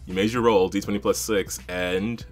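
Lowish-voiced guy on a gaming podcast, amused, trips over his words, faint music. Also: fairly even intonation. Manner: amused, halting with repeated words. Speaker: podcast co-host. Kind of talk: casual chat recapping a tabletop game.

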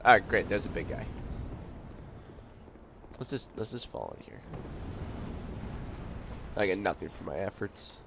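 A man's voice: low-pitched, lively intonation, a little slow, creaky, pauses often, muffled recording, heavy background noise. A young man giving live commentary on a video game, exclaiming and joking about his own failures. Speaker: video game let's player.

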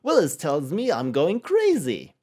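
A man's voice: fairly high pitch, wildly swooping pitch, unhurried, a little mellow, slightly rough, full character voice. A man voicing a young male ship's first mate reading his letter aloud in a poor put-on British accent, earnest and overly enthusiastic.

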